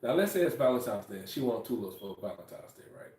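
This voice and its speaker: A man co-hosting a casual talk show with his wife, telling stories in an animated way and acting out what people said. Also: medium pitch, fast talker. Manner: animated storytelling, acts out quotes. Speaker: podcast co-host, husband. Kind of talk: casual chat. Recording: echoey room, distant mic.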